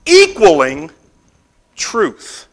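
A man teaching a Bible class like a sermon. He asks the class questions, repeats key phrases, and swings between loud stressed words and quiet asides. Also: sits high, huge pitch swings, very slow, slight background noise, low-quality recording.

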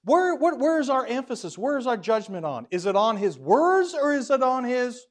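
A man with a notably high voice leads a Bible class. He reads verses aloud with stress on key words, then puts questions to the group. His level swings widely, sometimes dropping almost to a murmur. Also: sing-song, moderate pace. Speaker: preacher.

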